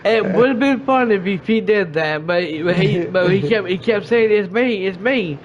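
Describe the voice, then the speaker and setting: A man hosting a casual podcast, rambling and halting with many restarts. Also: high-pitched, slight background noise. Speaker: podcast host and streamer. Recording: muffled lo-fi stream audio.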